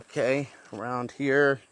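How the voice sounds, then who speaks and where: A man's voice: medium pitch, fairly bright tone. A man vlogging as he hikes through the jungle outdoors, thinking aloud as he goes. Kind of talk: talking to camera while hiking. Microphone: handheld phone.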